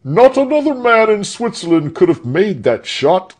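A man's voice: sits high, sing-song, moderate pace, a little mellow, voice pushed up. A man voicing a burly village smith who roars his praise in a hearty voice. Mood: roaring. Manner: roaring, hearty.

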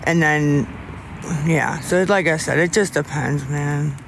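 A young man chatting on a livestream, his voice sitting a touch high for a man. He rambles and stops short to restart, filling gaps with "you know" and "like." He speaks candidly about staying sober, with a faint background noise. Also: steady tone, gravelly, a bit bright. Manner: rambling, halting, frequent restarts and fillers. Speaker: livestreamer answering chat. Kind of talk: casual livestream chat.

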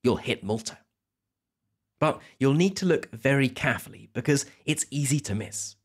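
Husky-voiced man hosting a learner podcast. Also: mid-range voice, expressive. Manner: clear, measured storytelling for learners. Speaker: podcast host. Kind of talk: scripted educational narration.

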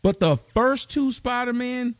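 A man's voice: very high voice, unhurried, no echo. A middle-aged man hosting a casual live stream, ranting bluntly and profanely about movies. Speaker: host.

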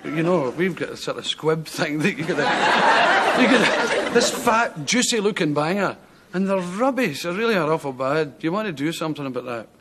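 Recorded in a 1970s TV studio before a live audience, complete with laughter and hiss, a Scottish talk show guest rambles through comic stories and chuckles along. His voice is fairly high and animated, at normal speed.

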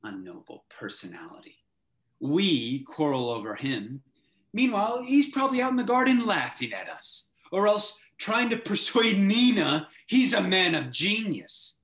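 Brief: young male actor as a wounded, sneering young playwright; wide-ranging pitch, roomy echo. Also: very animated, measured pace, exaggerated voice. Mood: scornful. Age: young adult. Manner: swings from hushed grief to sneering outbursts. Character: bitter young man, struggling playwright son. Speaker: student actor. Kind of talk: stage drama over video call. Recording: echoey room over video call.

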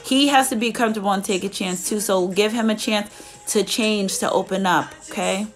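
A woman's voice: mid-range voice, fairly even intonation, moderate pace. A young woman giving a casual live tarot reading, chatty and blunt, swearing freely as she talks to her viewers. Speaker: tarot reader.

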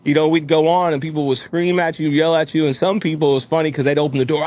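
A man's voice: on the high side, quick pace, hardly any pauses. A man in his thirties, a business owner being interviewed, talking candidly and acting out the voices of people in his stories. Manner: candid, animated storytelling, acts out quoted voices. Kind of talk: casual conversational interview.

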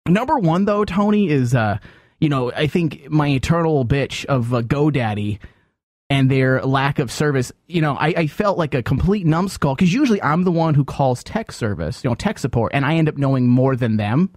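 A man's voice: a little high, expressive, normal speed, a little mellow, no room sound, clean studio sound. A man hosting a radio talk show, telling a long griping story in casual banter and mimicking phone agents.

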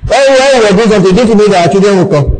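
A man's voice: high-pitched, darkish tone, poor audio. A middle-aged man with a Nigerian accent preaching a sermon in church, repeating key phrases and constantly checking that the congregation is following. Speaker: pastor.

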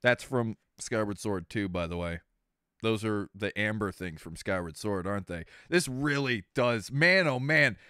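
Brief: excitable male game streamer, clear smooth voice, lively chatter. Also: fairly low pitch, measured pace, no room sound, studio quality. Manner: excitable, swears, jumps to shouts and chatty tangents. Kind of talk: let's play commentary.

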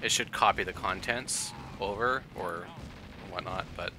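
A man streaming a game and chatting casually with his viewers, thinking aloud and clearing his throat often. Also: sits low, unhurried, noisy background.

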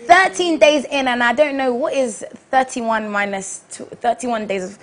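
A woman's voice: on the high side, normal speed, hardly any pauses. A woman co-hosting a studio talk show, chatty and playful, joking and laughing with her guest. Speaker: co-host.

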